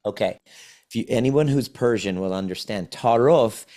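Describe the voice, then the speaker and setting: This podcast guest, a trauma healing coach in his forties, has a mellow mid-range voice and talks at a normal speed. He explains things earnestly, frequently restarting his phrases.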